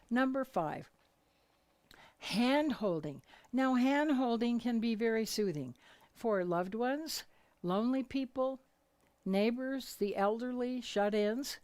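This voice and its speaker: An older woman giving a gentle, unhurried talk as a spiritual teacher, telling anecdotes and acting out the voices of people she quotes. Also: a little high.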